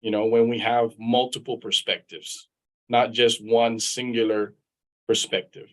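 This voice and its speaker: A middle-aged attorney and military veteran from Guam reminisces in a relaxed, conversational way during a live interview held over video, repeating words as he thinks things through. His mid-range voice barely shifts in pitch and unfolds unhurriedly, captured in poor audio.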